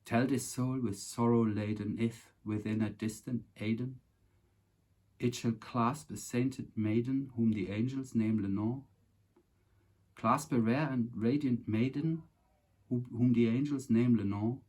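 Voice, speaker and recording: A man's voice: medium pitch, steady tone, a little slow, dark tone. A man reciting a long poem from memory in a dramatic, declamatory way. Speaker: poetry reciter.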